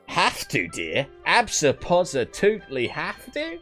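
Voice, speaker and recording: A man's voice: on the high side, huge pitch swings, slow pace, a bit bright, soft background music, pitched above the performer's own voice, exaggerated voice. A man voicing a sweet, chatty old country grandmother with a West Country accent, fussing and motherly. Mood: cheery fussing. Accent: West Country English. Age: older. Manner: chatty, fussing, sing-song.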